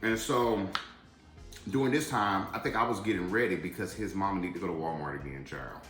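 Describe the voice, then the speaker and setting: A man's voice: low voice, a little fast, a bit bright, reverberant, soft background music. A man telling a rambling personal story to viewers in a casual, chatty way while eating. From Atlanta area, USA. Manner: chatty, addresses viewers directly, digressive. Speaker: vlogger.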